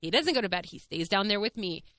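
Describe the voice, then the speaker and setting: A woman hosting her own podcast, telling a personal story in a candid, casual way, animated and full of "like" and the odd swear word. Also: mid-range voice, fast. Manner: frank, animated, heavy use of "like". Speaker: podcast host.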